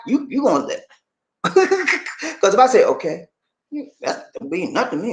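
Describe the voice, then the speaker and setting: Lively man in an echoey room. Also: fairly high pitch, brisk. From Charleston, South Carolina. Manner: animated and repetitive, often checking in with listeners. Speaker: channel host. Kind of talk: casual talk to viewers. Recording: roomy echo.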